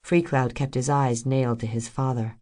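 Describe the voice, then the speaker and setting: A woman reading an audiobook in measured, dramatic scripted narration. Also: rumbling low, fairly even intonation, mellow.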